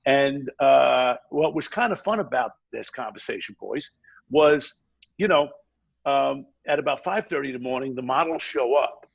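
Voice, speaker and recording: A middle-aged man, a guest on a podcast, telling a story in a fast, energetic way and acting out quotes. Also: mid-range voice, creaky, muffled recording. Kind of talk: animated storytelling.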